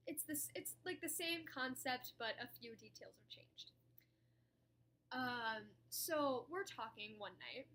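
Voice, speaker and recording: A young woman vlogger tells a story in casual chat, dramatic and chatty, swinging between loud outbursts and soft asides. Her voice is on the high side.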